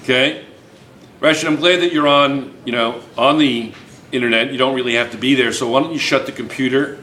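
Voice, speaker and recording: A man's voice: mid-range voice, a little fast, sharp tone, distant mic, a little hiss or hum. A male chemistry teacher lecturing a class, repeating questions and calling on students by name. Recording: echoey classroom.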